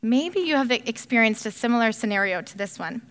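A woman's voice: a little high, animated, a little fast. Earnest woman leading a Bible study. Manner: earnest, gentle, with hesitant fillers. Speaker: women's Bible study teacher. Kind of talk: prayer and Bible teaching with read-aloud story.

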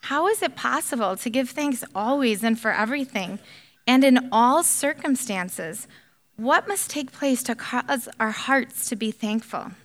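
A woman's voice: fairly high pitch, lively intonation, a little slow. Earnest woman leading a Bible study. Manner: earnest, gentle, with hesitant fillers. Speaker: women's Bible study teacher. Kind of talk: prayer and Bible teaching with read-aloud story.

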